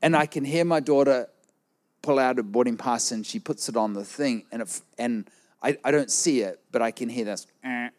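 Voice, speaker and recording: A middle-aged man preaching a sermon, telling a personal story with lively acted-out voices. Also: mid-range voice, moderate pace. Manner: animated storytelling, acts out quoted voices.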